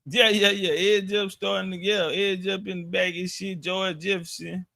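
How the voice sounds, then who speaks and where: A man telling a travel story in loose, slangy casual talk, full of restarts and profanity, sometimes sinking to a low mutter. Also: level tone, normal speed, vocal fry, sharp tone, dry recording.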